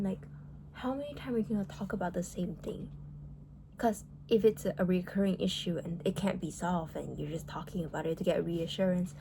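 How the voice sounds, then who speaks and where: Gravelly-voiced woman venting bluntly. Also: on the low side, mellow, a little hiss or hum. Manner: blunt, heated, swears often, many "like" fillers. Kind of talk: casual venting monologue.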